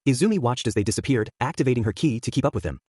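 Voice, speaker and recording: A man's voice: medium pitch, lively intonation, rapid-fire, a little mellow, husky, no echo, studio quality. A man reading a fan fiction story aloud, narrating and voicing the characters. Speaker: fanfic narrator. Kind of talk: scripted narration with character voices.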